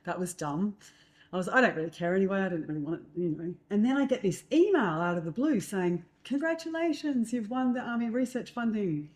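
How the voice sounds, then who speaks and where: A middle-aged Australian woman, a guest, telling lively stories in conversation and acting out what others said, with many fillers. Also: fairly low pitch, fast. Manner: lively anecdotes with acted-out quotes, fillers. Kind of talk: storytelling in conversation.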